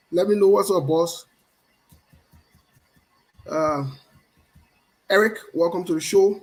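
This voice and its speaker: A man's voice: sits high, takes it slowly, long pauses, poor audio. A middle-aged man hosts a casual live stream, greeting viewers by name in a playful, teasing way and repeating his phrases. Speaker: show host.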